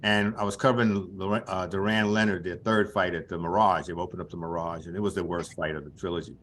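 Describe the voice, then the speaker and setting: An older man with a fairly low voice tells long, rambling sports stories as a guest on a talk show. He chuckles through his anecdotes at an easy, conversational pace. A faint hiss sits under the recording. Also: steady tone, quick pace, a bit bright. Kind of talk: casual anecdotal storytelling.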